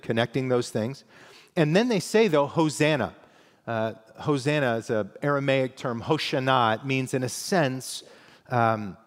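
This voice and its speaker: A man's voice: mid-range voice, in a large hall. A man preaching a sermon as pastor, teaching in a conversational way and reading scripture aloud with emphasis.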